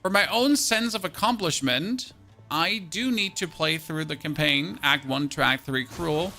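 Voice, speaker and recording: A man's voice: fairly high pitch, unhurried, gravelly, sharp tone, faint music behind. A young man streaming a game, thinking aloud about his build and thanking viewers in a chatty way. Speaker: gaming streamer. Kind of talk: live-stream gameplay commentary.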